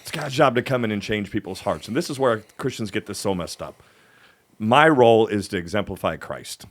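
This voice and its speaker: A man with a fairly low voice, speaking in a measured, teacherly manner. He lays out his thinking step by step in an easy podcast conversation. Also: expressive. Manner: measured, teacherly, explains point by point. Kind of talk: calm explanatory conversation.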